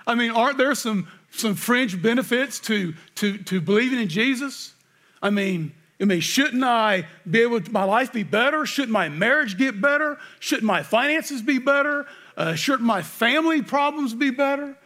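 A man's voice: extremely high pitch, expressive, moderate pace, pushed and bright. A man preaching a sermon, reading scripture aloud and asking earnest rhetorical questions. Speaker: pastor.

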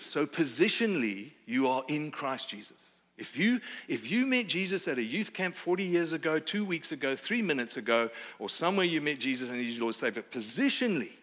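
A man from Australia with an Australian accent, preaching a sermon in a lively, conversational way with playful asides. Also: on the high side. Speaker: pastor. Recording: long hall reverb.

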